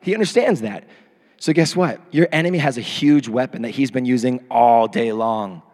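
A man in his thirties preaching a sermon into a microphone, swinging from hushed asides to shouted peaks. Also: medium pitch, normal speed. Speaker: pastor. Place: church hall. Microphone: handheld or podium microphone. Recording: long hall reverb.

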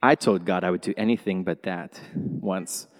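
A middle-aged man preaching a sermon as a pastor, talking in an animated way, acting out dialogue and laughing often as he speaks. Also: low voice, moderate pace. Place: church hall. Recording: long hall reverb.

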